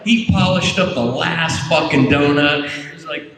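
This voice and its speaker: A man's voice: a little high, measured pace, crowd noise. A man on a convention panel telling a rowdy, profane story and imitating other people's voices. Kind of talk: storytelling to an audience. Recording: far-off echoey hall with noise.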